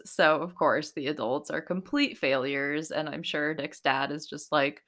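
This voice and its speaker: A woman's voice: sits low, steady tone, slow pace, fairly bright tone. A young woman recapping a TV episode in casual, chatty talk, swearing freely and breaking into exclamations. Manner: chatty and profane, exclaiming in bursts. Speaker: TV recap host.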